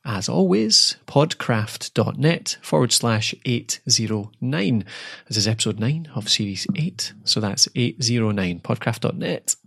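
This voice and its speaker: A Scottish man hosts a relaxed podcast, talking in a chatty, joking way with lots of ums and restarts. His voice has a gravelly edge and sounds close and dry, with no room around it. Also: mid-range voice, no room sound. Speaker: podcast host. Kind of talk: casual podcast chat.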